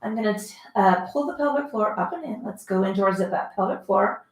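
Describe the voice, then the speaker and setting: Woman, pilates instructor, chatty encouraging cues, breathy effort, mid pitch, roomy echo. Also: fairly quick. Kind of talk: guided workout instruction. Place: home room, dogs heard about.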